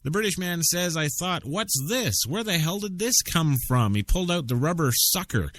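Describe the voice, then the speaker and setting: A man's voice: a little high, expressive, moderate pace, fairly bright tone, no room sound. A male radio host reading quirky news stories in a mock-pompous, joking way. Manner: mock-pompous, laughing between items. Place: radio studio.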